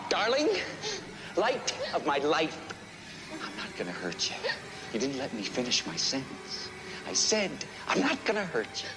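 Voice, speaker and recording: A man's voice: a little high, huge pitch swings, unhurried, long pauses, heavy background noise. An actor playing a menacing, unhinged husband who stalks his wife, taunting her in a sing-song way. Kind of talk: film acting.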